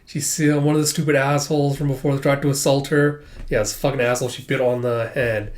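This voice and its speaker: A man's voice: medium pitch, little pitch movement, fast talker. A man hosting a manga reaction video, rambling casually and swearing often.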